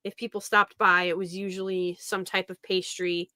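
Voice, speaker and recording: A woman's voice: on the low side, level tone, normal speed, bright, forceful tone, dry recording, studio quality. A young woman telling a family story in a casual, rambling way, often laughing as she talks. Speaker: podcast host.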